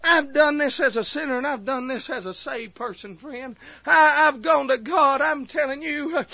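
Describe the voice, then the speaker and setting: A preacher man with a very high, bright, ringing voice, recorded dry and close with a somewhat dull, muffled sound. He drawls through earnest stretches thick with fillers, then breaks into crying, shouted pleas. The sermon has a revival-meeting fire. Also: normal speed, creaky, dry recording. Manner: builds from low earnest talk to crying shouts, many fillers.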